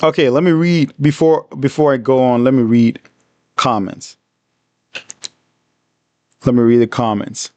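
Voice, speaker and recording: A man hosting a livestream, reading comments and telling a story in an animated, repetitive, indignant way. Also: mid-range voice, a little slow, pauses often, no room sound. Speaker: livestream host.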